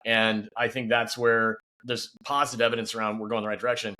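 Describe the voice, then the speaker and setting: A man's voice: on the low side, level tone, a little fast, bright, forceful tone. A man speaking as a guest and company founder in a casual podcast interview, upbeat and peppered with "you know".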